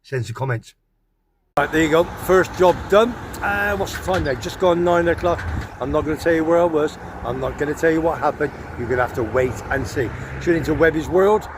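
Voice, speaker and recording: A man's voice: fairly high pitch, a little fast. An older English man from Gloucestershire, rambling cheekily through a casual vlog, filmed on a handheld phone outdoors. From Gloucestershire, England. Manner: chatty, cheeky, self-promoting. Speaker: vlogger. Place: outdoors on town streets. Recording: noisy outdoor phone audio. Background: traffic and street noise.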